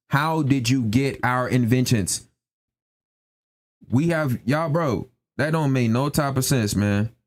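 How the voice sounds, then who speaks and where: A man's voice: mid-range voice, darkish tone. A young man ranting emphatically in slangy casual talk on a live stream, repeating his points. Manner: emphatic, repetitive, slangy, keeps asking "you know what I'm saying".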